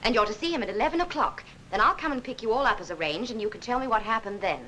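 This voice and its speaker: Cheerful young sweetheart, lively melodic voice, brisk organising manner. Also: female voice, on the high side, slight background noise, low-quality recording. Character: affectionate young woman, songwriter's sweetheart.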